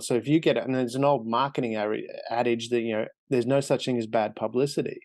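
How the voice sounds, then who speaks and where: A man's voice: medium pitch, steady tone, fast talker, few pauses, a little mellow, no echo. A man hosting a casual interview, rambling and thinking aloud as he asks his questions. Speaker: podcast host.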